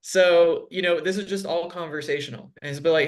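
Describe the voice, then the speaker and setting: A man's voice: fairly high pitch, fairly even intonation, fairly quick, few pauses. A man on a video call, talking business as a guest in a loose, conversational way with lots of fillers. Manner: conversational, frequent "like" and "um". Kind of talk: casual video call chat.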